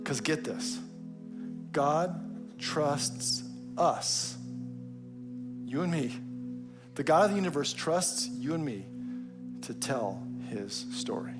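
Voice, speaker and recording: Man preaching with a lively storytelling voice. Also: slow, pauses often, over music. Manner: lively storyteller, dropping to a soft low voice for emphasis. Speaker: pastor. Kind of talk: sermon with a personal story.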